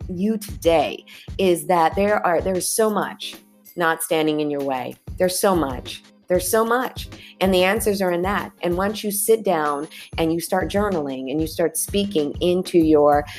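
A woman giving a sassy, emphatic motivational talk, often repeating her phrases. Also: on the low side.

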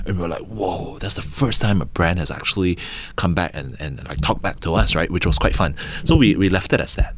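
A man in his thirties with a Singaporean English accent, a podcast guest telling business stories in a lively, chatty way, acting out quotes and ending lines with "right?". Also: sits low, brisk, husky. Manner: animated storyteller, acts out quotes, tag questions "right?". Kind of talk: casual storytelling interview.

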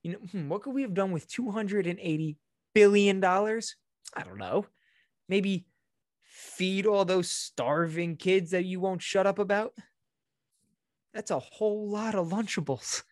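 Brief: joking, sarcastic co-host with a mid-pitched voice, dry close sound. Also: expressive, a little slow, darkish tone, no echo. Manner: joking, sarcastic riffing with laughter. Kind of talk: casual podcast chat.

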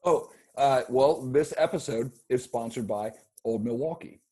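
A man's voice: medium pitch, unhurried, dark tone, slightly rough. A man hosting a casual podcast, telling a long story in a rambling way with many restarts and fillers. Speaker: podcast host.

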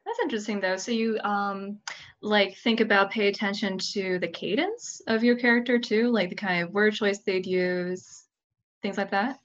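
A woman's voice: medium pitch, fairly even intonation, moderate pace. A woman in a casual chat with a slightly dull, muffled sound. She asks curious follow-up questions and laughs easily.

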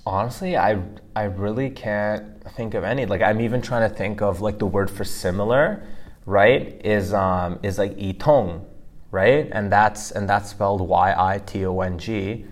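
A man's voice: on the low side, unhurried. A man co-hosting a language-learning podcast, chatty, restarting phrases and using many fillers. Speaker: podcast co-host. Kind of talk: casual language lesson podcast.

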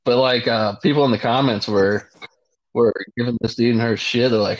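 A young man in casual podcast chat, laid-back, with crude jokes and constant "dude". His middle-pitched voice comes through a slightly dull, lo-fi line. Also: steady tone, normal speed. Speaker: podcast co-host. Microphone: remote call line.

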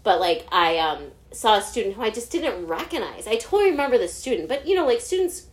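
A woman's voice: on the high side, fast talker. A woman in her forties, a podcast co-host and teacher, telling a story in casual chat, swearing freely and acting out what people said. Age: 40s. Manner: animated storyteller, swears freely, acts out quotes.

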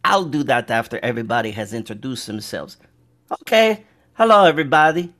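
Chatty, money-hungry halfling rogue, voiced by a man; rambling and halting, mid-range voice. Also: mid-range voice, sing-song, fairly bright tone. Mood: rambling, cheerful. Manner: rambling, hesitant with many fillers.

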